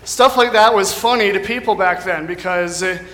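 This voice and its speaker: A man's voice: sits high, moderate pace, fairly bright tone. A man with an American accent giving a casual, joking sermon as a guest speaker, with lots of fillers like "you know.". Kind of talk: sermon with jokes. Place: church sanctuary. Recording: echoey hall reverb.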